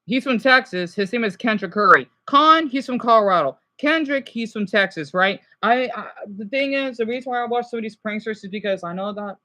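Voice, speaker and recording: Bright-voiced, agitated male streamer. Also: high-pitched, expressive, a little fast, few pauses. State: stressed and overwhelmed. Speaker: livestreamer. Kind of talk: rambling livestream reaction commentary.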